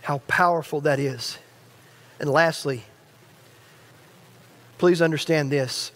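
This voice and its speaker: A pastor delivering a sermon in a high-pitched male voice. He talks straight to the congregation as a stirring preacher. His phrases often double back and start again. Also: fairly even intonation, slow, fairly bright tone. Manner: stirring preacher who addresses the congregation directly; repeats and restarts phrases.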